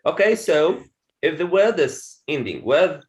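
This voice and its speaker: A man teaches pronunciation over a video call, speaking slowly and drawing words out one at a time. His voice sits a little high and swings up and down a lot as he stresses syllables, and he often repeats phrases for his class. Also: sing-song, low-quality recording.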